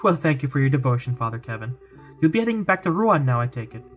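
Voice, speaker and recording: A woman doing a gentle motherly matron. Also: rumbling low, very animated, fast, voice pushed down. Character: kind motherly older woman running an orphanage. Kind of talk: voicing game dialogue. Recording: faint music behind.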